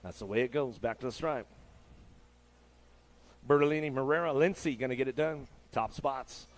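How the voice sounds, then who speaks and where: A man's voice: mid-range voice, normal speed. A man announcing a race with live play-by-play commentary, in a hyped, laid-back patter full of slang.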